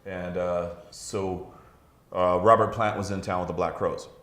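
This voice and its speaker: Man, very deep voice, rambling host, roomy echo. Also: steady tone, unhurried, fairly bright tone. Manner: rambling, many fillers and restarts. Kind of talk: casual bar chat. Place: pub. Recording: roomy pub recording.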